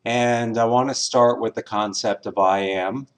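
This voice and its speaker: A man teaching a recorded spiritual class as a minister, in a measured way with pauses and some filler words. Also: mid-range voice, fairly even intonation.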